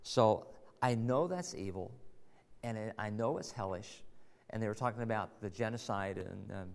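Gravelly guy preaching a sermon, earnest, punchy rhetorical questions, big echoey church hall. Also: lowish voice, moderate pace, darkish tone. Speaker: pastor. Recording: long reverb of a large hall.

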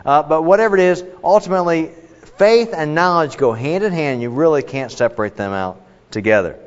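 A man's voice: fairly high pitch, lively intonation, fairly quick. A man teaching a Bible study in a conversational, emphatic way, often restarting his sentences. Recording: dull audio, long reverb in a hall.

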